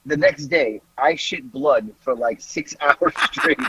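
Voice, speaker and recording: A man, a podcast host telling a story in a casual, animated way, laughing and swearing freely. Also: mid-range voice, slow, creaky, slightly rough, muffled recording.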